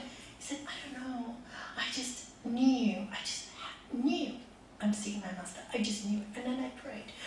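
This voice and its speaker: A woman meditation teacher giving a spiritual talk with stories to a small group, swinging between loud emphasis and soft, hushed asides. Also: fairly high pitch. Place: meditation centre room with a group. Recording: echoey room, voice from a distance, faint hiss.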